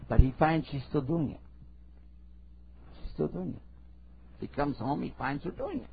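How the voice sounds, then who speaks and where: A man's voice: fairly high pitch, lively intonation, normal speed, vocal fry, pauses often, a little hiss or hum. A man giving a religious lecture in a conversational style, telling stories and asking rhetorical questions. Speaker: Islamic preacher. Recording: tinny phone-like lo-fi recording.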